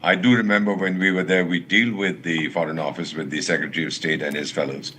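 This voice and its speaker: Deep-voiced older male diplomat. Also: fairly even intonation, pushed and bright, slight background noise. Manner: measured, articulate, formal. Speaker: former ambassador, debate guest. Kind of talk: live TV news debate.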